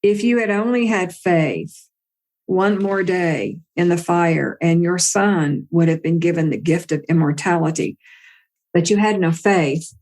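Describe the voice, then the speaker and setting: A majestic goddess speaking with stern, solemn reproach, as told by a woman narrator. Her voice sits a little higher than the teller's own deep tone, measured and grave. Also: a little mellow.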